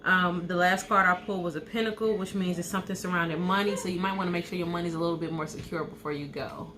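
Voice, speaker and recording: A woman's voice: lowish voice, fairly even intonation, fast talker, noisy background. A woman reading tarot cards in a casual, reassuring way, often checking in with "okay". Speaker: tarot card reader, host. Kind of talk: casual live card reading.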